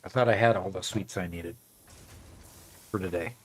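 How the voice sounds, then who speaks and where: A man's voice: sits low, fairly even intonation, moderate pace, slightly rough. Rambling man streaming a game. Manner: rambling, many fillers and restarts. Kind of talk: casual gameplay livestream chat.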